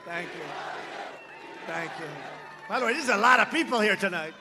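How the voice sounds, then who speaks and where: A man giving a campaign rally speech at a podium microphone, mocking and repetitive, shouting lines out to the crowd. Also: high voice, animated, normal speed, music in the background. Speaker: politician addressing a rally crowd. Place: large outdoor rally.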